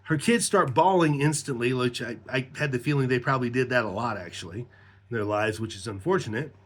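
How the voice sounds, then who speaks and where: A man's voice: medium pitch, a little fast. A middle-aged man telling a rambling, profane personal story in casual talk, laughing as he goes.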